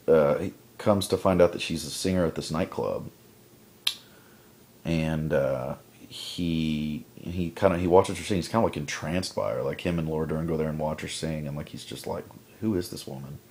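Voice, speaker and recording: A man's voice: extremely low pitch, fairly even intonation, moderate pace, darkish tone. A young adult man casually vlogging a film review at home at night, rambling with constant fillers. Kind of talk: casual chat. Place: home at night before bed.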